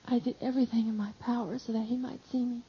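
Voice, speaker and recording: A woman's voice: level tone, fast, breathy edge. A woman voicing a weeping, remorseful young male disciple, pleading through sobs. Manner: sobbing, pleading, high strained cries. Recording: slightly dull lo-fi audio.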